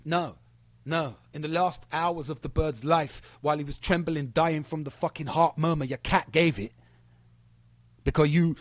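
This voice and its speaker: Man, fiery sarcastic callout rant, slightly high voice, dry close sound. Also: dry recording. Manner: heated, profane, sarcastic, mocking. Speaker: streamer calling out a rival.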